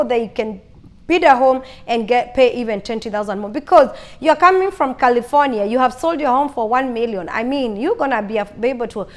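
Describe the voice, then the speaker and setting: A woman vlogger telling her own story in a casual, chatty way, often repeating herself and restarting sentences. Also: a little high. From lives in Arizona.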